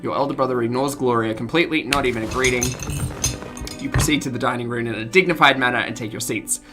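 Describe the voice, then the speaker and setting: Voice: medium pitch, fast, over music. A streamer reading game text aloud and commenting, giggly and self-mocking while trying out character voices. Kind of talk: let's-play commentary and narration.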